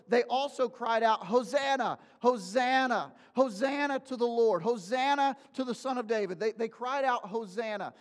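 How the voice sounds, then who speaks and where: Male pastor, sermon delivery, animated storyteller, higher voice, big reverberant sanctuary. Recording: long hall reverb.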